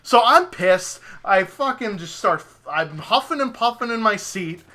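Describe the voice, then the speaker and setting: A young man, a podcast host, telling a story in casual chat, animated and profane, acting out his own reactions. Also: sits high, measured pace.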